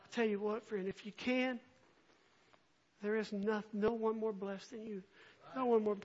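A man preaching a sermon, moving from quiet scripture reading to earnest, impassioned appeals. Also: high voice, fairly even intonation, unhurried. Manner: earnest, swells from soft reading to impassioned near-shouting. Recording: dull lo-fi recording.

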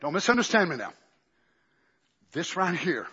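A man preaching a fiery Pentecostal sermon, swinging from shouts to hushed near-whispers. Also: extremely high pitch, expressive, normal speed, breathy edge, lo-fi sound.

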